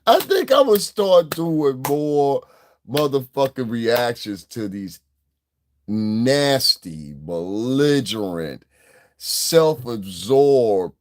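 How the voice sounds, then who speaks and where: A middle-aged man giving casual, profane reaction commentary in a mocking, animated way. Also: medium pitch, takes it slowly. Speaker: commentary vlogger.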